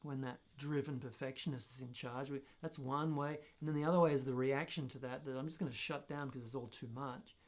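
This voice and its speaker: A man's voice: medium pitch, fairly even intonation, fairly quick, few pauses. Musing man talking to camera. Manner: thoughtful, musing, self-questioning. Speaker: personal growth vlogger. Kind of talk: reflective solo talk to camera.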